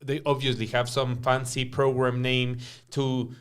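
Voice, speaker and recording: A podcast host with a Guatemalan Spanish accent, a native Spanish speaker, talking in English in an emphatic, animated way and repeating words as he searches for them. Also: medium pitch, unhurried, smooth. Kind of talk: casual podcast conversation.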